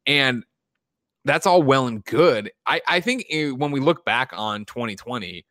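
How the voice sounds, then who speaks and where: A man hosting a casual gaming news podcast, talking in an animated way with frequent restarts and reading out listener letters. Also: mid-range voice, a little slow, dry recording, clean studio sound. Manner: animated, restarts often, reads listener mail. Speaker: podcast host.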